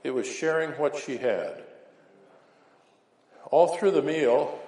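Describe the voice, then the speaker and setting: A man's voice: on the high side, lively intonation, slow, pauses often, darkish tone. A man preaching an informal, folksy sermon with homespun anecdotes, often checking in with "right?". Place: church hall. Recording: echoey hall recording.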